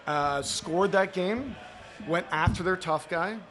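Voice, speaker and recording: A man's voice: sits high, slow, fairly bright tone. A man from Canada, a former hockey player, telling personal stories in an earnest, heartfelt way in a studio inside a sports bar. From Toronto, Canada. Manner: earnest, heartfelt storytelling with fillers. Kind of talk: casual interview chat.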